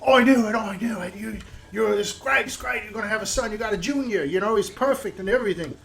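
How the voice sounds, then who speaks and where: A man doing a gushing, excited male friend. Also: high voice, fast talker, creaky, voice pushed up. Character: cheerful male friend, eager and reassuring.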